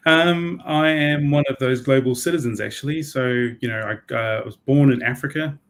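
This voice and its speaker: A man's voice: mid-range voice, normal speed, slight background noise. A man from New Zealand, a guest in a casual tech chat, talking in an easygoing way with fillers. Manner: easygoing, laughs easily, many fillers. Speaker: guest, solutions architect.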